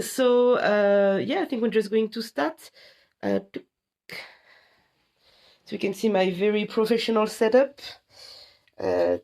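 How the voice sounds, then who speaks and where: This young library staffer demos apps live in a relaxed way, sounding chatty and enthusiastic with plenty of pauses. Her medium-pitched voice is creaky and somewhat dark in tone.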